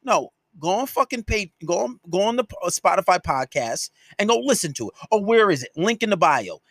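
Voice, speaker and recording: A man's voice: high-pitched, sing-song, brisk, fairly bright tone, dry recording, clean studio sound. A man hosting a solo podcast, ranting at his listeners in a scolding, profanity-heavy way. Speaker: podcast host and dating coach.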